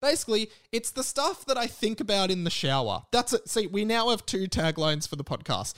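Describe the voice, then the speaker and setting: A man's voice: sits high, sing-song, fairly quick, hardly any pauses, a bit bright. A man, hosting a solo podcast in a rambling, self-deprecating, chatty way. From Australia. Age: 20s. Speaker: podcast host.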